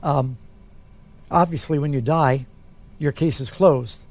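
Man, pastor explaining, somewhat high voice. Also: slow. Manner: relaxed, conversational explaining. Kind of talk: Bible question and answer talk.

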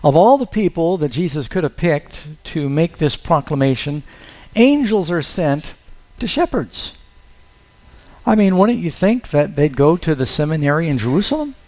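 A man preaching a sermon, telling a Bible story and slowing down to stress key words. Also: fairly high pitch, very animated, a little mellow. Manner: storytelling, leans on key words with slowed emphasis.

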